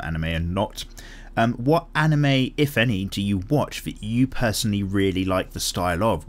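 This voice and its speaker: Lively rambling man. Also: medium pitch. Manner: rambling and self-deprecating; upbeat, with frequent ums. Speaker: art channel host. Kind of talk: casual chat reading viewer comments.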